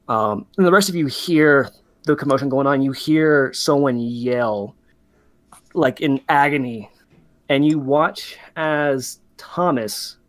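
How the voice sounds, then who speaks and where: A man's voice: mid-range voice, dry recording. A man narrating as game master in a tabletop game, talking loosely with many fillers and restarts.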